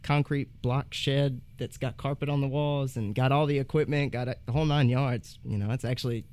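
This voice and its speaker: A man's voice: mid-range voice, fairly even intonation, brisk, a little mellow. A man who is a rapper, guesting on a podcast, talking in a laid-back, blunt way with casual swearing. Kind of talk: casual interview chat.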